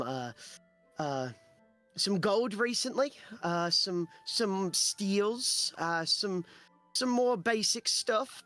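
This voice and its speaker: A man voicing a huge blacksmith made of fire and rock, loud and blunt with brash outbursts. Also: high-pitched, voice pushed up.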